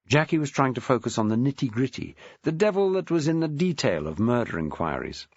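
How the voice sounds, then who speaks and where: A man's voice: medium pitch, brisk, hardly any pauses, dry recording, highs cut off. Man narrating a crime novel expressively. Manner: expressive, varied storytelling. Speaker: audiobook narrator. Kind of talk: scripted narration.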